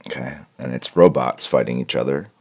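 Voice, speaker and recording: Briskly, a man hosting a live art portfolio critique stream talks casually to viewers in a very deep voice with a rough, gravelly edge. Headphones on, in a home room filled with comic books, he rambles, jokes, restarts his sentences and leans on plenty of fillers.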